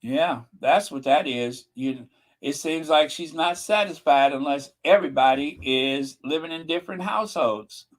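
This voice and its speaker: A man's voice: fairly high pitch, normal speed, rough recording. A man hosting his channel in casual gossip commentary, sassy and mocking. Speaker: channel host.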